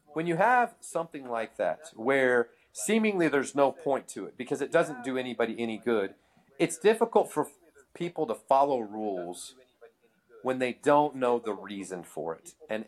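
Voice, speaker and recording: A man casually telling a long story, laughing often and acting out both sides of a conversation. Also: mid-range voice. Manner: animated, laughs often, acts out quotes.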